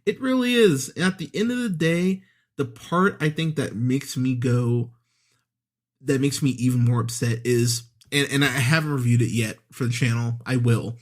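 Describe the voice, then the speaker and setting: A man's voice: mid-range voice, moderate pace. A man ranting through a sarcastic, profane movie review on a podcast, with exasperated asides and mocking impressions.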